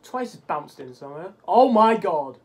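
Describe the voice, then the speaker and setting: A man commentating a golf video game, swearing often and yelping at bad bounces, his voice cracking into high squeaks. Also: very animated, normal speed. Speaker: gaming channel host. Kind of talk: let's play commentary.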